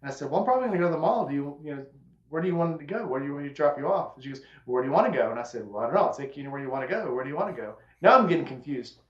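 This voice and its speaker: Man host, storyteller type, slightly raised pitch, echoey room with muffled audio. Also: expressive, racing, fairly bright tone. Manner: drawling storyteller acting out quotes. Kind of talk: casual storytelling chat. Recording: echoey room, dull lo-fi sound.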